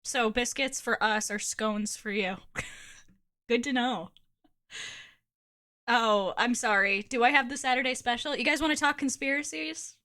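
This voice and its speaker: Giggly Ohio woman streamer, slightly high. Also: measured pace, long pauses, sharp tone. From Ohio, USA. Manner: giggly, chatty, swears casually. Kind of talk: casual live-stream chat while gaming.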